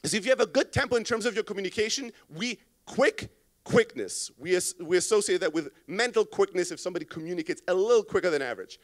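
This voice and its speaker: A man giving an energetic, profane talk on a conference stage into a microphone, acting out reactions to phone calls. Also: sits high, quick pace. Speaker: conference speaker.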